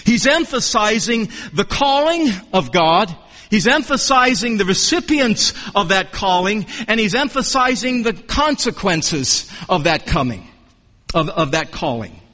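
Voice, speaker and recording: A man preaching an expository sermon, earnest and measured, often repeating and restarting phrases for emphasis. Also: high-pitched, bright, forceful tone, in a large hall.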